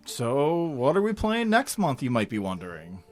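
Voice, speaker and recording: Man podcast host, animated pitch, casual chat, faint music underneath. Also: moderate pace. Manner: lively, steers the conversation.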